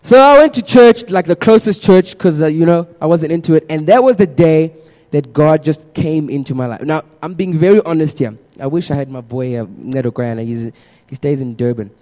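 Young preacher in echoey hall. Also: male voice, a little high, moderate pace. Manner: casual, animated storytelling with humor. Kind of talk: sermon testimony to a congregation.

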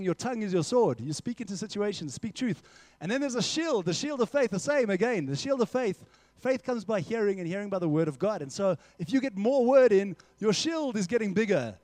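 A young youth pastor with a fairly high voice delivers a lively, conversational sermon, calling the room "guys." He occasionally acts out brief exchanges to drive his point home. The audio is dry and close, with no echo.

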